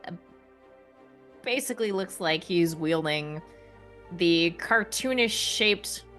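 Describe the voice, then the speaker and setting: A woman game master with a fairly low-pitched voice paints the battlefield in vivid detail, breaking into easy laughs. Soft music plays faintly underneath. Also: expressive, slow. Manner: vivid descriptive narration, laughs easily. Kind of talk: narrating a tabletop game.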